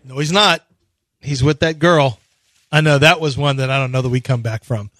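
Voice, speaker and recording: A man's voice: mid-range voice, normal speed, a bit bright, no echo. A middle-aged man hosting sports talk radio, joking and teasing in casual studio banter. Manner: joking, playful, fond of teasing and tricking people. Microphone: studio microphone.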